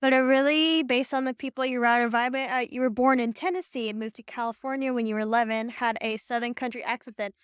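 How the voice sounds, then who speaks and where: A woman's voice: on the high side, steady tone, fast, hardly any pauses, smooth, no echo, studio quality. A young adult woman chatting casually while she plays a game, rambling and saying "like" constantly. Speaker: streamer. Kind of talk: casual gameplay commentary. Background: faint game music.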